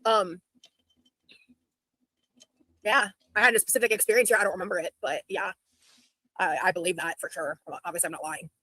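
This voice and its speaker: A woman in her thirties rambles casually while reacting to her own old clips. Her voice is bright and sharp and she talks fast. The sound is dry and close. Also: fairly low pitch, steady tone, no echo, rough recording. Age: 30s. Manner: chatty, rambling, quick.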